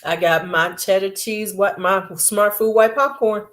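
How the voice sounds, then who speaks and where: A woman chatting casually to her camera at home late at night, blunt and quick to laugh, acting out her coworkers as she goes. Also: mid-range voice, steady tone. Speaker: vlogger. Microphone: camera mic.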